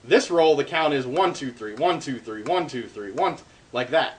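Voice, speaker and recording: A man's voice: medium pitch, normal speed. A man casually teaching hand-drum rolls, explaining step by step with lots of ums and uhs. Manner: relaxed, filler-heavy explaining. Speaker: darbuka teacher. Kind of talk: casual instructional talk. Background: drum playing between phrases.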